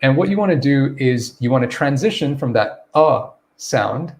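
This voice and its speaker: A man hosts a live online English lesson in an easygoing, encouraging way. He explains step by step and checks in with his viewers as he goes. His voice sits at an ordinary middle pitch for a man. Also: moderate pace. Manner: relaxed, encouraging, checks in with "okay?"; greets viewers by name mid-lesson. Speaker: English pronunciation teacher.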